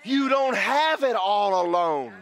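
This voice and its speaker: A man preaching a sermon as pastor, animated and breaking into shouted praise. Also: high voice, slow pace, a faint crowd.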